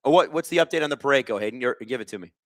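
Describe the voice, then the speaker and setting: A man's voice: medium pitch, lively intonation, very fast, no echo. Guy in his 30s hosting a live stream, rambly and chatty, dry close mic, snacking while he talks. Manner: rambling storyteller, lots of fillers and restarts. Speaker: stream host. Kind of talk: casual live-stream chat.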